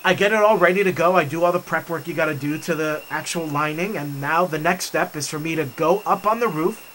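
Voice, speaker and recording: Bright, animated man telling stories. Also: fairly high pitch, fairly quick, a little hiss or hum. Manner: animated, enthusiastic storyteller. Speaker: vlog host. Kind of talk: storytelling while hiking. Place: forest trail outdoors.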